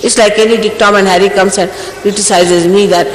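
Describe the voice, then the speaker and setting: A woman's voice: mid-range voice, steady tone, a little fast. Scolding woman in an echoing hall. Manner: scolding, earnest, exhorting. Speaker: spiritual teacher. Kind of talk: spiritual talk to followers. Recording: echoey hall recording, faint noise.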